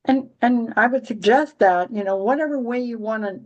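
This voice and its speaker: A woman with a fairly high voice talks through astrology in a loose, rambling way. She stumbles and restarts often, slipping in dry jokes and little giggles as she goes. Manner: rambling, halting with many restarts. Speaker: astrology podcast host. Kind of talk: casual astrology chat.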